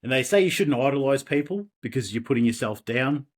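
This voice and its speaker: An Australian man, a podcast guest, telling personal stories in a casual, animated way with laughs and restarts. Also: medium pitch, fairly quick. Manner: animated, laughing, self-deprecating, many restarts. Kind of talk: casual interview storytelling.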